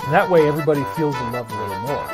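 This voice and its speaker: A man's voice: on the high side, animated, rapid-fire, music in the background. A man giving an emotional, rambling lecture to an audience, intense and pleading.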